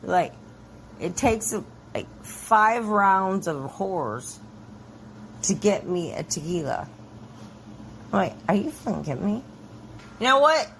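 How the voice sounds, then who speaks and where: A woman's voice: medium pitch, sing-song, slow, pauses often, slight background noise, low-quality recording. A woman in a played video clip, ranting drunkenly and screaming profane abuse at the people around her.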